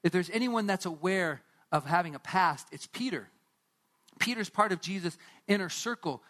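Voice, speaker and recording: A man's voice: high voice, lively intonation, normal speed, a bit bright. A man preaching a sermon, retelling a story dramatically and speaking directly to his listeners. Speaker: pastor.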